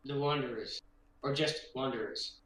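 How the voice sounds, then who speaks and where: A man's voice: medium pitch, moderate pace, fairly bright tone, very echoey, far from the mic, poor audio. A man playing a tabletop game with friends, trading jokes in casual chat. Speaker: player.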